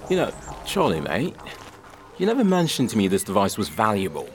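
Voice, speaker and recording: A man's voice: on the low side, wildly swooping pitch, fairly quick, over music. A man playing a sarcastic, streetwise young city kid hiding out in the countryside. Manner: sarcastic, wry.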